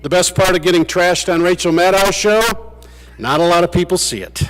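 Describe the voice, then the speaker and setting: A state legislator talks a little fast in a high voice as he says farewell to fellow legislators, telling anecdotes with dry humor. Background noise is present, and the big chamber produces a long reverb.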